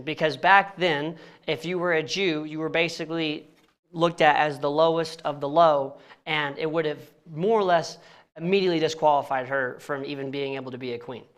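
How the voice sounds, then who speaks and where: Reading scripture and teaching it casually in a church, a young Bible study teacher keeps tripping over names and laughing it off. His voice is fairly high in pitch and a bit bright.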